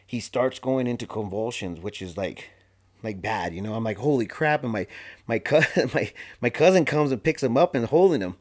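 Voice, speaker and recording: A man guest on a podcast telling a story in a casual, animated way, full of slang, fillers and restarts. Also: fairly low pitch, moderate pace. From Arizona.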